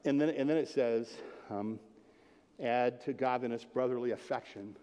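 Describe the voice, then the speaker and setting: A man's voice: mid-range voice, normal speed, warm tone, clean tone. A man preaching a sermon as pastor, casual and jokey, talking straight to the congregation. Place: church. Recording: long hall reverb.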